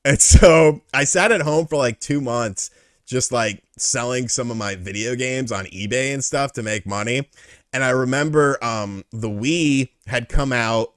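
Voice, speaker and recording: A man hosting a casual interview, telling stories in an animated, profane way. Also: medium pitch, unhurried, no echo, clean studio sound. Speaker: host.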